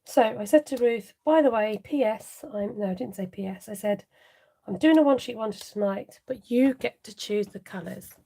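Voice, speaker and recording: Warm in tone and fairly quick, a mid-range female voice leads a chatty live craft session as a papercraft demonstrator. She often laughs, mutters asides while working, and speaks straight to her audience, reading out what they comment.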